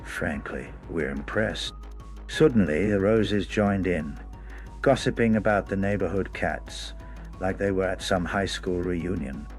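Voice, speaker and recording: Male storyteller, very low voice, wry scripted narration, faint music underneath. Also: measured pace, darkish tone.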